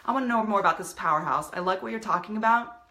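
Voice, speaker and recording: A woman's voice: medium pitch, fast, bright, forceful tone, roomy sound. A woman giving a passionate motivational talk on a live video stream, speaking as a coach to her viewers. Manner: passionate, fired-up motivational delivery. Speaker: business coach.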